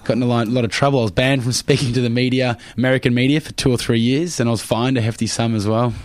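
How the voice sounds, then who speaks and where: A man's voice: mid-range voice, steady tone, quick pace, no echo. A young Australian man, a Paralympic swimmer, telling cheeky anecdotes in a casual interview, with lots of fillers. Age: young adult.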